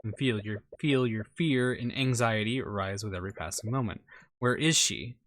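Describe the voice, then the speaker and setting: A man streaming a visual novel, reading its narration aloud and adding casual, halting asides with stammered restarts. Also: fairly low pitch, no echo.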